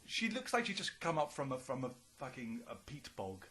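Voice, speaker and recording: A man in casual podcast chat, excitable and quick to laugh. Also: mid-range voice. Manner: laughs often, lively and excitable. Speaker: podcast co-host.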